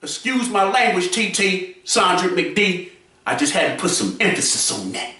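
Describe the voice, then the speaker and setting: A man giving preachy advice to other people, repeating his points and often raising his voice to a shout. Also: high voice, very animated, normal speed, heavy reverb, far from the mic. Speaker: commentator.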